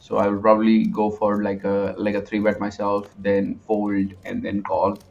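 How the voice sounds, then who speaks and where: A man's voice: on the low side, monotone, normal speed, vocal fry, a little mellow. A man with an Indian accent giving chatty, analytical live poker commentary, often restarting his sentences. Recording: muffled lo-fi sound.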